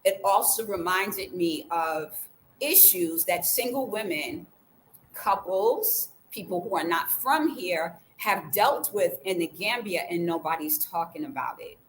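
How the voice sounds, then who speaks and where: A woman vlogger telling a personal story in a casual way, acting out the quoted dialogue with lively changes of voice. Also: on the low side, measured pace, slight background noise, rough recording. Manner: animated, acts out the quoted dialogue.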